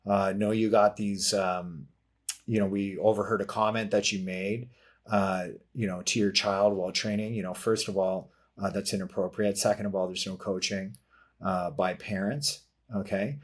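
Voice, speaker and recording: Lower-voiced man giving business advice. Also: flat delivery, normal speed. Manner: explains step by step, many fillers. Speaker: martial arts business consultant, guest. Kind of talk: casual podcast conversation.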